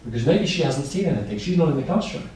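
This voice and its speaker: A man's voice: a little high, animated, fast talker, a little mellow, slight background noise. A man training nursery staff, explaining things simply and repeating points with everyday examples. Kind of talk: training lecture. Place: training room. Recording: echoey room from far off.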